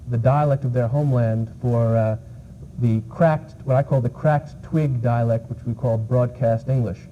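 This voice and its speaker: Hesitant, mellow-voiced New Yorker. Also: male voice, mid-range voice. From New York. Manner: hesitant, many fillers. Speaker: English teacher, guest. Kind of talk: interview answers. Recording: muffled archival TV audio, faint hiss.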